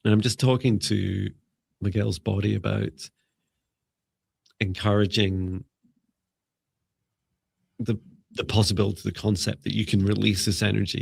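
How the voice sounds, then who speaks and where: A man leading a live spiritual energy healing, speaking in a soft, slow, meditative way with pauses. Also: on the low side, little pitch movement, gravelly, husky, no room sound. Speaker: psychic healer.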